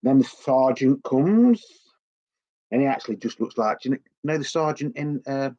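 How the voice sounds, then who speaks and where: A man's voice: mid-range voice, animated, moderate pace, dark tone, highs cut off. A middle-aged man, giving a rambling, enthusiastic casual review full of fillers and restarts. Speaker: video blogger.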